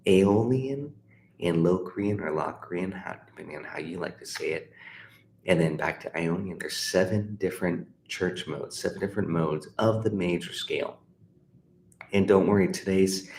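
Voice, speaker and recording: A man's voice: deep voice, a little mellow. A middle-aged man teaching a livestream guitar lesson, chatty and encouraging, with many fillers and restarts. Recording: echoey room with faint noise.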